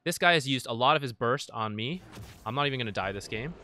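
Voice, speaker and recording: A man's voice: mid-range voice, expressive, quick pace, bright, forceful tone, slight background noise. A man talking casually through recorded matches as a guide creator, explaining team fights with frequent fillers. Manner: conversational, many fillers. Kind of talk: casual gameplay analysis.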